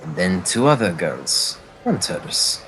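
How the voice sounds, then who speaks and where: An eager wannabe soldier speaks with a put-on French accent, pitched somewhat lower than the narrator's own voice, as a game master plays him. He sounds stiff and deferential, a fawning subordinate in a tabletop role-play game. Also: very animated, slow pace, a bit bright, slight background noise, full character voice, rough recording. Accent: fake French accent.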